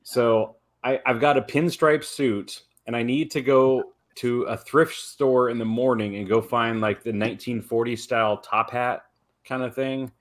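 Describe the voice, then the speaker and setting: A man in casual chat on a live stream, explaining his plans in a measured way. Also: mid-range voice, fairly even intonation.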